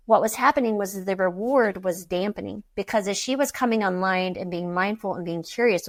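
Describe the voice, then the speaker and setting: A woman physician telling patient stories in a casual podcast conversation, lively as she acts out quoted voices. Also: mid-range voice, no room sound. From United States. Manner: animated storyteller, acting out quoted patients. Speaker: physician guest.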